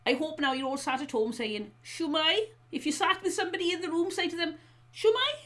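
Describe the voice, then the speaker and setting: A woman's voice: sits high, lively intonation, fast, fairly bright tone. A Welsh woman co-hosting a casual live stream, chatty and playful, explaining things like a friendly teacher. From South Wales.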